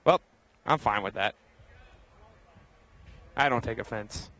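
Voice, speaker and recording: A man's voice: fairly low pitch, slow, bright, forceful tone, no room sound, rough recording. A young man hosting a live walking tour of a racetrack garage, chatty and upbeat, speaking to viewers by name while he walks outdoors. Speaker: host.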